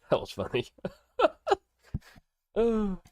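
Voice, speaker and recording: Giggly woman, lively pitch. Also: extremely slow, no echo, clean studio sound. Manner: giggly, chatty, exclamatory. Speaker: live stream host. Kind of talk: casual live stream chat.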